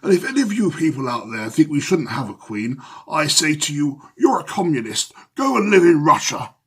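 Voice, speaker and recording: A pompous older gentleman lectures his listeners in a comedy sketch, as a man puts him on. His voice sits high and huffy above the performer's own, with a husky edge. He delivers every line with blustering, patriotic self-importance. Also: big pitch swings, fairly quick. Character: pompous older upper-class British gentleman.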